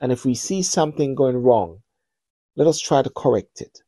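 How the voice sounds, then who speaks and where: A middle-aged man talks to camera as a show host, pressing his point with earnest, repeated appeals. His voice is mellow and a little husky. The sound is dry and close. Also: mid-range voice, normal speed, dry recording. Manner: earnest, repetitive, preacher-like appeals. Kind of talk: spoken commentary.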